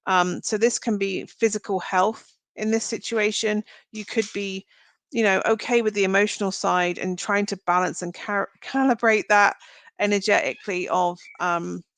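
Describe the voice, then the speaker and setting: A woman reads tarot cards on a live stream in a smooth, clear voice, wandering from thought to thought as she speaks. Her tone is reassuring and directed at each viewer. The sound is dry and close, with no room echo. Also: medium pitch, fairly even intonation, moderate pace, a bit bright. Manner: chatty and meandering, thinking aloud. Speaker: tarot reader. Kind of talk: live-streamed card reading.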